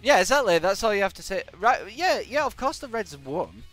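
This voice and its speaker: A man's voice: sits high, a little fast. A man giving jokey, sarcastic live commentary while he plays a game. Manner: jokey, sarcastic, animated, bursts of exclamations. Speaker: live-streaming gamer. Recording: faint music in the background.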